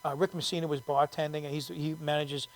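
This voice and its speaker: Comedian guy chatting as a guest, slightly high voice, rambly, keeps losing names. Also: flat delivery, brisk. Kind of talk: interview chat.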